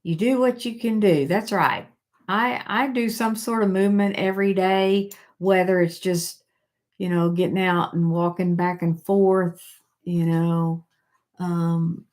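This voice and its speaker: An older woman hosting a casual live stream, chatting with viewers and reading their comments aloud in a halting way, with many fillers and restarts. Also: fairly low pitch, darkish tone.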